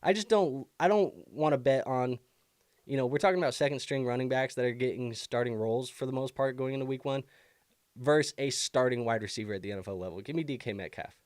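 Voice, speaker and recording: Young man, live stream host, casual filler-heavy delivery, clear smooth voice, dry close mic. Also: mid-range voice, fast talker, darkish tone, dry recording. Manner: casual, thinking aloud with many fillers. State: has the hiccups. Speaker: fantasy football host.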